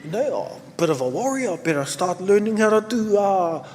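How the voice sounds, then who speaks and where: A man's voice: high-pitched, sing-song, fairly quick, a little mellow, long reverb tail, slight background noise, pitched above the performer's own voice. A man with a New Zealand accent voicing a cheeky, proud ten-year-old boy who asks eager questions. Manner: eager, questioning, ends with 'eh, sir'.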